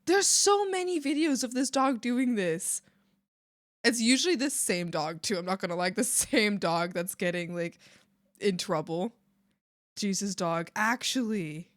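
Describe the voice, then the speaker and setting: A woman streamer chatting casually to her viewers, excitable and rambling, laughing often. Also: medium pitch, a little slow. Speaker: art streamer. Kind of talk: casual live-stream chat.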